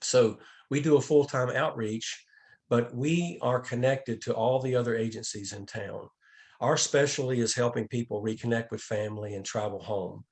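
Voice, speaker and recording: Speaking at a moderate pace in a mid-range voice, a man delivers a training talk on a video call in his role as outreach director. His manner is calm, though he frequently restarts and repeats himself.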